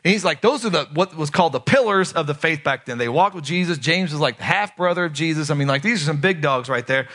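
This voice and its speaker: A man preaching a sermon in a conversational, animated way, swinging between loud emphatic lines and hushed ones. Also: a little high, quick pace, hardly any pauses. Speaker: pastor.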